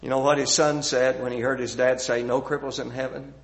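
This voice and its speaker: A middle-aged man preaching a sermon with earnest feeling, building through emphatic lists and letting his phrases fall to a hush at the ends. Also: mid-range voice, flat delivery, fairly quick. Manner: earnest, rising to emphatic lists and hushed endings.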